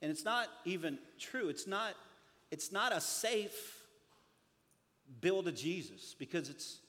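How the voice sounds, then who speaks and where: Pastor, male, forties, lively joking sermon delivery, bright high voice in a reverberant church hall. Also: takes it slowly. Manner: animated storytelling with humor.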